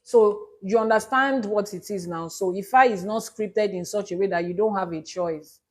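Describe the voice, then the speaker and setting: At normal speed and in a mid-range voice, a Nigerian woman who serves as an Ifa priestess answers viewer questions during a live-stream teaching. Her delivery is emphatic, built on examples and repeated key points.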